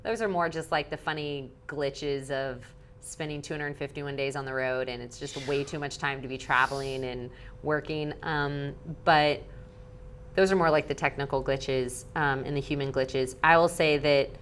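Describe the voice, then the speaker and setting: Low-voiced chatty woman. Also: fairly even intonation, normal speed, slight background noise. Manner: bubbly, heavy use of "like", acts out quotes. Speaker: guest speaker and activist. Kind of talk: animated interview talk.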